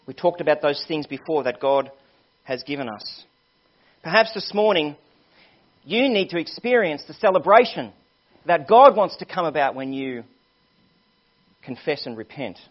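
A man's voice: on the high side, sing-song, normal speed, long pauses. A male pastor preaching a sermon, telling a story with earnest appeals to his listeners. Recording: dull lo-fi sermon recording.

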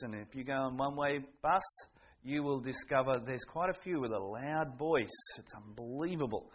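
A man's voice: mid-range voice, moderate pace, fairly bright tone, low-quality recording. A man preaching a sermon in a conversational, folksy way, often restarting his sentences.

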